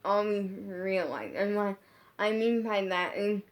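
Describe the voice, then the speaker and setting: Woman vlogger, chatty bedroom storytime, rambly and filler-heavy, average pitch. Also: measured pace. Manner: rambling, heavy use of 'like', frequent restarts. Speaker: social media creator. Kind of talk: casual storytime vlog. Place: her bedroom.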